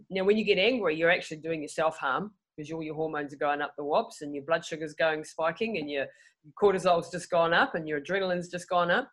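Chatty woman explaining with lively emphasis. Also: deep voice, brisk, rough recording. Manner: animated, restarts often, acts out inner voices. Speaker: guest. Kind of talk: casual conversational explaining.

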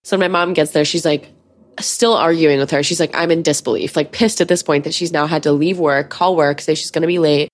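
Young woman host, lowish voice, casual storyteller who swears a lot. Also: fairly even intonation, fairly quick. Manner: profane, chatty, many fillers. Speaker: podcast host.

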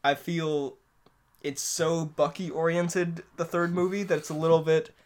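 A man's voice: a little high, level tone, unhurried. A young man hosting a podcast in casual chat, rambling, laughing often and poking fun at himself. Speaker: podcast host.

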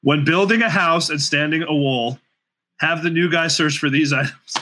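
A man's voice: on the high side, moderate pace, noisy background. A man co-hosting a podcast in casual chat, joking and laughing often.

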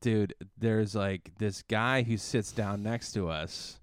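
A man's voice: lowish voice, takes it slowly, clean tone, no echo. Rambling man telling a crude story. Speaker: podcast co-host. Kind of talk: casual chat.

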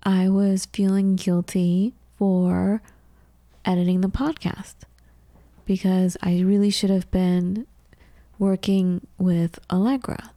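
A woman's voice: mid-range voice, flat delivery, takes it slowly, dark tone, no echo. A woman podcast co-host in her thirties telling candid personal stories in casual conversation, with frequent restarts.

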